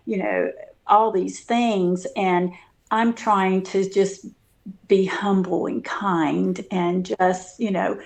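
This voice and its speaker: A woman's voice: mid-range voice, steady tone, slow. A woman guest telling a personal story in casual interview talk, earnest and full of fillers and restarts.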